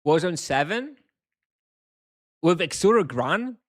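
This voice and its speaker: A man's voice: a little high, sing-song, takes it slowly, dry recording, clean studio sound. A man live-streaming a video game, thinking aloud, chatting casually and answering questions from chat.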